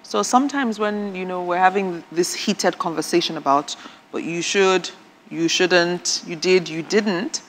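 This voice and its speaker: A woman guest on a talk show, chatting casually and telling lively stories with dry, sarcastic humor. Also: fairly low pitch, unhurried, big-room sound, slight background noise. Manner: animated storyteller, laughs often, dry sarcastic humor.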